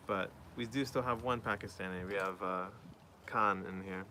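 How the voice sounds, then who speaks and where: A man's voice: fairly low pitch, normal speed, bright, forceful tone, slight background noise. A man chatting casually on a live stream, reading out viewer messages and answering them.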